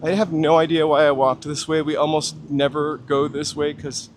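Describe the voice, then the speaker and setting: A middle-aged man talks to his viewers while walking city streets, his voice sitting a little high for a man. He jokes and teases himself in a loose, chatty way, filmed on a handheld walking camera with faint traffic noise behind him. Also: flat delivery, normal speed. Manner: chatty, joking, self-deprecating asides to viewers. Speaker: live-stream walking host. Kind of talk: casual walking live-stream chat. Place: outdoors on downtown city streets and through tunnels. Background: city traffic ambience.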